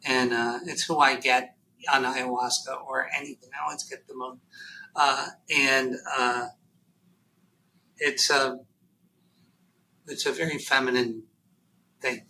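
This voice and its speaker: A man telling a deeply personal story as a podcast guest, halting and emotional, near tears, with many fillers and restarts. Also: flat delivery, pushed and bright, slight background noise, rough recording.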